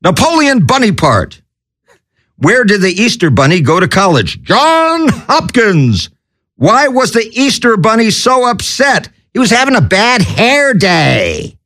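A man with a high, wildly swooping voice hosts a comedy radio show. He works through wacky shout-outs and corny one-liners at an unhurried pace, breaking into manic yells. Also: huge pitch swings. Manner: manic, wacky, cracking corny jokes and yelling. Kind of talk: zany comedy radio patter.

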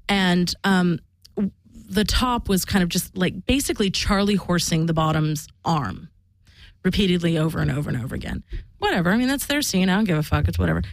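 A woman's voice: lowish voice, fairly quick, no room sound. A woman in casual chat, telling frank stories, laughing often and swearing freely.

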